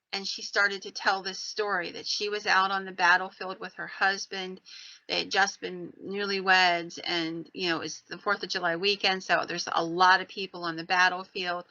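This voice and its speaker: A woman hosting a podcast, telling a ghost story in an animated, digressive way. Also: mid-range voice, no room sound, muffled recording. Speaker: podcast host.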